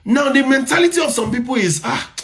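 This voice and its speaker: Emphatic high-voiced Nigerian man. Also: lively intonation, normal speed, a bit bright. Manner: emphatic, repeats points, rhetorical questions. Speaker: commentator. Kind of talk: impassioned social media commentary.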